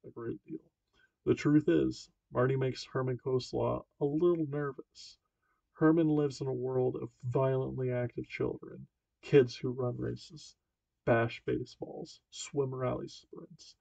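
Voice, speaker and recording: A man's voice: mid-range voice, vocal fry, dark tone, no room sound. A man narrating a novel as an amateur audiobook reader, stumbling over words and correcting himself. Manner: stumbling reading with self-corrections. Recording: dull dry lo-fi home recording.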